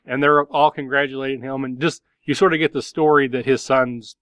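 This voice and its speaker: A man's voice: medium pitch, fairly even intonation, a little fast, a bit bright, no room sound. A man narrating a tabletop game as game master, loose and rambling with many fillers.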